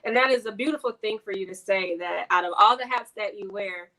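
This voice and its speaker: A woman from Detroit hosting a live online interview, talking in an emotional, halting way and laughing often. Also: medium pitch, bright, forceful tone, low-quality recording. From Detroit, Michigan. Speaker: host.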